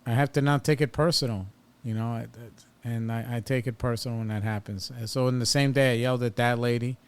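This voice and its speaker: A man's voice: medium pitch, steady tone, fairly quick, clear, resonant tone. Blunt, profane man telling a story. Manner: blunt and profane, retells arguments with rising heat. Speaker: podcast host. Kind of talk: casual personal storytelling.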